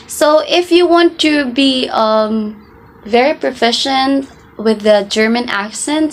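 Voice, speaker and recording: A woman's voice: fairly high pitch, a little hiss or hum. A woman giving a class presentation, explaining pronunciation step by step and sounding out example words, with the odd hesitation. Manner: occasional "um" hesitations. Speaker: student presenter.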